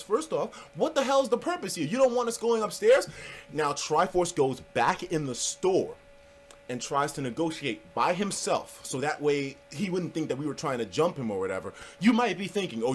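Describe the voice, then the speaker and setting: Guy ranting a story on his vlog, swears a lot, fairly high voice that jumps all over. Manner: profane, emphatic, heated. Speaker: vlogger.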